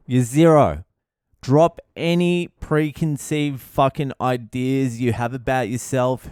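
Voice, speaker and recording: A man's voice: medium pitch, a little mellow, smooth, no room sound, clean studio sound. Brash, sweary Australian man. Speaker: podcast host and comedian. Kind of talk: profane comedic advice monologue.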